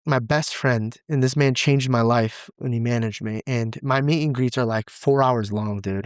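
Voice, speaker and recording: A man's voice: medium pitch, dry recording. A young man who grew up in a church, talking in an interview as a guest. He speaks candidly and expressively, says "dude" and "bro" a lot, and comes close to tears when things get serious. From Assyrian heritage, grew up in a church. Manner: earnest, close to tears at times. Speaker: podcast guest. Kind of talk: emotional, candid interview talk.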